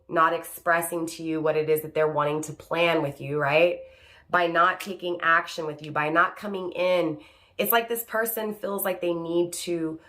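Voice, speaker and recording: Low-voiced woman giving a tarot reading. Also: fairly bright tone. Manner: repeats "right?" and rephrases each point; addresses the viewer by star sign. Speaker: tarot reader.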